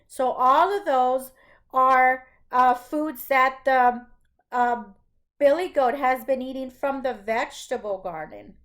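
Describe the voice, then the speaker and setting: A woman's voice: high-pitched, takes it slowly, fairly bright tone. A woman teaching first grade, reading a story aloud and patiently explaining it to young children. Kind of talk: classroom read-aloud lesson.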